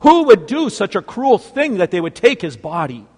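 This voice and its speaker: A man's voice: high-pitched, big pitch swings, normal speed, a little mellow, long reverb tail, voice pushed up. A male preacher voicing a grief-stricken woman disciple at a tomb, his voice slightly raised and anguished.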